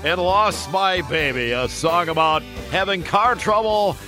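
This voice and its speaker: A man's voice: high voice, unhurried, music in the background. A man hosting a car-culture radio show, introducing songs in a chatty, folksy way with casual asides.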